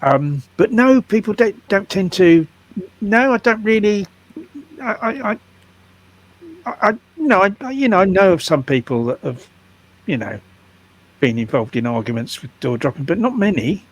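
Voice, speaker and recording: Retired guy, husky and slightly high, talks in stops and restarts. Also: very animated, normal speed, long pauses, dry recording. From United Kingdom. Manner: hesitant, stammering restarts. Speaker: guest activist. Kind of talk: casual conversation.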